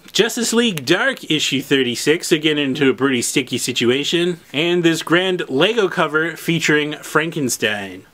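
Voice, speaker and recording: A man hosting a casual unboxing video, chatty and excitable, talking straight to his viewers. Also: a little high. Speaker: comic shop host.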